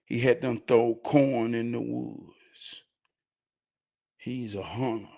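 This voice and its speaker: A man hosts his show and tells a story in a slow, creaky voice. His animated delivery swings between low mutters and loud, excited shouts.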